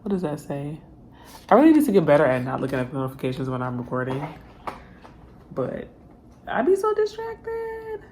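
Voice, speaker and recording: A woman's voice: low voice, wildly swooping pitch, moderate pace, pauses often, a little mellow, a little hiss or hum. A woman giving a casual tarot reading straight to her viewers, chatty and full of slang. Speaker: tarot reader.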